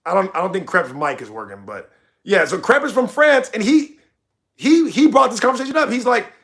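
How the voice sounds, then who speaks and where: A man's voice: high-pitched, sing-song, a little fast, fairly bright tone. A young man hosting a livestream, talking passionately and ranting straight to his chat. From United States. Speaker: livestream host. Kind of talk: heated livestream commentary.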